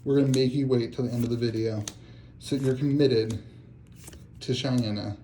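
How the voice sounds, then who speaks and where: Excitable man opening card packs. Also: medium pitch, normal speed, slight background noise. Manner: excitable, laughing, exclamatory. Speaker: card channel host. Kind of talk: casual box-opening vlog. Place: home kitchen table.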